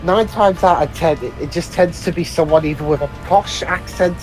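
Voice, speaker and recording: A man's voice: a little high, moderate pace, soft background music, poor audio. A man co-hosting a casual gaming chat, explaining a point with repeated restarts. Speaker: podcast co-host.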